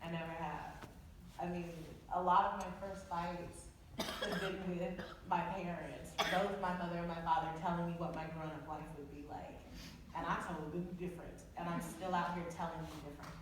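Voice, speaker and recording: A woman in her thirties on a book tour, telling stories casually to a live audience, laughing often and jumping up in pitch when exasperated. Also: steady tone, moderate pace. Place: event hall with an audience. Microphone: audience camera recording from afar. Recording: echoey hall recorded from far off with crowd noise.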